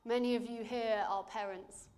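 A woman preaching in church, reading scripture and speaking in a measured, earnest way that drops softly for emphasis. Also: on the high side, fairly even intonation.

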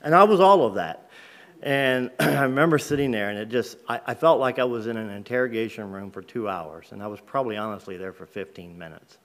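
A man's voice: lowish voice, fairly quick, fairly bright tone. A man speaking as a guest in a church, telling a personal faith story in a plain, conversational way with casual grammar. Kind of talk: personal testimony in a church service. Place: church sanctuary.

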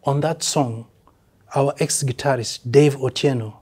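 A man's voice: medium pitch, steady tone, a little slow, a little mellow, breathy edge. An older man with a Kenyan accent, a veteran musician speaking bluntly and emphatically in a casual interview, dropping in Swahili phrases.

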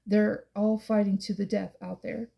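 A woman's voice: medium pitch, level tone, moderate pace, creaky, warm tone. A woman voicing a blunt, tough young male rebel in an audiobook, urgent and bossy.

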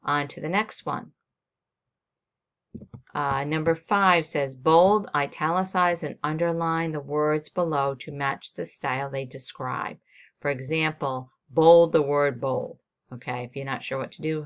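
A woman teacher walking students through a software assignment step by step on a screen recording, narrating each click. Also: sits low, dull audio.

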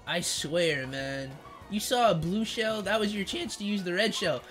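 Young guy streaming a racing game, kinda high voice, slangy and joking, yells at the screen, quiet game music under him. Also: a little slow. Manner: slangy, jokey, reads chat aloud, yells at the game. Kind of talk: casual game streaming chat. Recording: faint game music behind.

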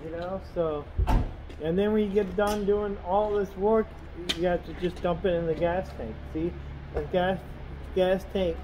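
A man with a notably high voice talks into the camera from inside his car. He rambles and complains, circling back on himself with constant "you know"s, and a faint hum of ambience sits behind him. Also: steady tone, a little slow, highs cut off. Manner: aggrieved, complaining. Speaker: delivery driver vlogger. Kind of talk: casual vlog rant. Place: in his car on a snowy road.

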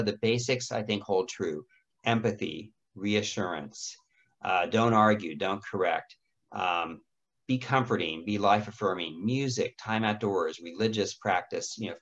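A middle-aged man with a raspy voice giving a lecture on caring for people with dementia, gentle and often clearing his throat. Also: fairly low pitch, normal speed, muffled recording. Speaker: dementia care educator. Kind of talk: lecture presentation with slides.

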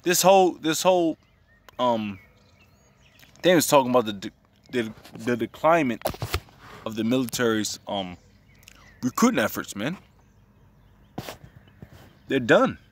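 Man, mid-pitched, irritated lay preacher, curses and repeats himself; mic set far off, birds behind. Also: very animated, a little slow, long pauses, slight background noise. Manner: profane, repetitive, agitated. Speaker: religious commentator. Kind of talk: casual religious commentary.

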